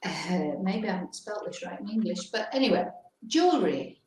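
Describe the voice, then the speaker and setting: A woman hosting a casual bilingual chat, teaching words slowly and switching between English and Spanish. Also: mid-range voice, animated, background noise. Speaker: host. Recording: very echoey room.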